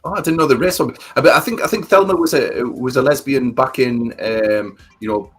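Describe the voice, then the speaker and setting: Casting note: man, husky voice, rambling livestream co-host, faint music under him. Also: mid-range voice, a little fast. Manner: rambling, animated storytelling, many fillers. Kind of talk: casual livestream chat.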